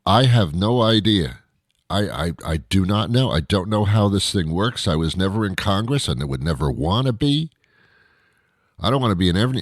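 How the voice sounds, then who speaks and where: American male radio host, deep voice, sarcastic exasperated comic rant, dry studio sound. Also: no room sound. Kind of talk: comedic monologue.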